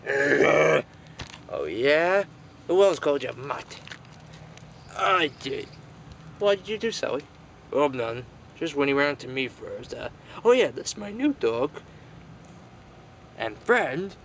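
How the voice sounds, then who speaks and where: A man's voice: fairly high pitch, big pitch swings, a little slow, pauses often, a bit bright, slight background noise. A man improvising a toy-play story, voicing the characters himself with frequent gasps and exclamations.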